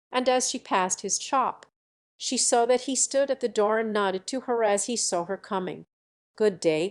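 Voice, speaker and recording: A woman reads a storybook tale aloud in a steady, measured voice. Her pitch sits in the middle range. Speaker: audiobook narrator. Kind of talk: storybook narration.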